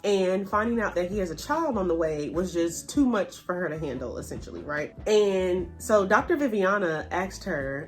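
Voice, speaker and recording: Casual woman recapping episodes, lively and chatty, mid-pitched, light music underneath. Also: normal speed, hardly any pauses. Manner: chatty and animated, reenacts quotes with pitch jumps. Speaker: YouTube TV recap host.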